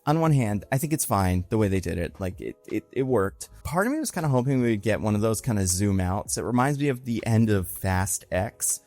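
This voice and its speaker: A man's voice: lowish voice, sing-song, a little fast, few pauses, darkish tone, no echo. A young man giving a casual, conversational breakdown of a TV episode, slipping into exaggerated voices when he quotes characters. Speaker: online film and TV commentator.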